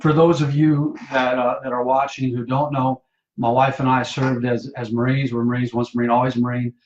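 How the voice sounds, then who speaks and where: A man from Michigan, a pastor and Marine veteran, tells a personal testimony on a live stream in a casual, halting way full of fillers and restarts. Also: medium pitch, flat delivery, a little mellow. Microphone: phone or webcam for a live stream. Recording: dull, roomy live-stream audio.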